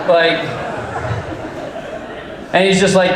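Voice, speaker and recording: A man tells a personal story live to an audience, with wry, deadpan humor and the odd curse. His pitch swings widely as he talks. The sound is roomy, with a faint hum of ambient noise behind him. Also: brisk, long pauses. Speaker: storyteller at a campfire event.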